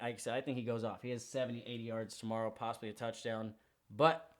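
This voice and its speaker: A young man hosting a sports betting show, running through his picks in a slangy, hyped, confident way. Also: medium pitch. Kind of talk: casual betting picks rundown.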